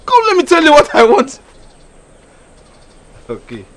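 A man's voice: medium pitch, very animated, moderate pace. An actor playing an eager man wooing a woman, coaxing and stammering, with Nigerian Pidgin in his speech.

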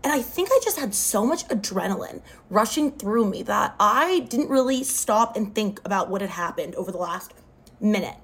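A woman's voice: medium pitch, animated, moderate pace, a bit bright. A young woman telling a wild personal story to camera, dramatic and full of "like". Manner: dramatic retelling, often says "like". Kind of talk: storytime vlog.

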